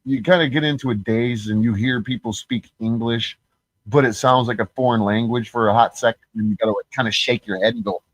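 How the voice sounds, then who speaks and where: A man's voice: medium pitch, fairly even intonation, brisk, no echo, low-quality recording. A man ranting on his live stream, profane and rambling, who often restarts his words.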